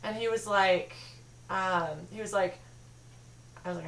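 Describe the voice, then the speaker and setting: A woman's voice: mid-range voice, fairly even intonation, normal speed, fairly bright tone, roomy sound, slight background noise. A woman co-hosting a chat show, telling stories with lots of laughter and teasing. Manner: giggly, teasing storyteller. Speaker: podcast co-host. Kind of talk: casual chat.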